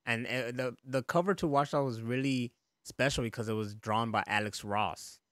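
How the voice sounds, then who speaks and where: A man co-hosting a podcast, chatting in a relaxed, rambling way with frequent laughs and casual swearing. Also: mid-range voice, moderate pace, no echo, studio quality. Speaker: podcast co-host. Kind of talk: casual chat.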